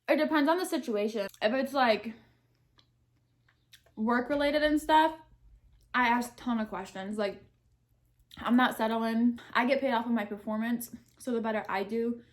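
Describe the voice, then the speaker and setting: A woman's voice: on the high side, fairly bright tone. A young woman answering question cards while eating, talking candidly and thinking aloud. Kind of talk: casual mukbang chat.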